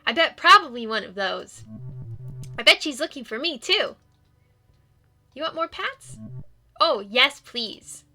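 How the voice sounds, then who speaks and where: A woman voicing a cheerful, sweet male ghost dog as she reads a game's dialogue aloud in a bouncy, excitable, earnest way. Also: high-pitched, measured pace, pauses often, soft background music, pitched above the performer's own voice, exaggerated voice. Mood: eager. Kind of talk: reading game dialogue aloud.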